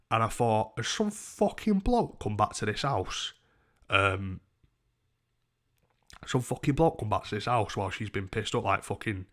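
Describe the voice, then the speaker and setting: Sweary young streamer. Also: male voice, fairly low pitch. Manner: sweary, rambling, animated. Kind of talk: casual storytelling to a stream.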